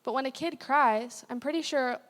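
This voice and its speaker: A woman's voice: high voice, normal speed. Woman preaching candidly in a reverberant hall. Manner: candid, conversational preaching with asides and self-corrections. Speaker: guest speaker. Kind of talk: sermon. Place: church sanctuary.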